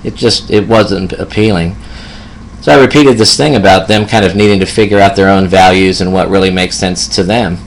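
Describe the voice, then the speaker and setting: A man's voice: sits low, fairly even intonation, normal speed, rough recording. A man in his fifties, a hospice nurse, telling a personal story in a reflective way and laughing often. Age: 50s.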